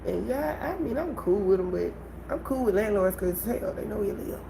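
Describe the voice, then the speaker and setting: A woman hosting her own livestream, telling a personal story in an animated way and talking straight to her viewers. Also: medium pitch, moderate pace, vocal fry, background noise. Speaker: livestream host. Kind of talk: casual livestream venting.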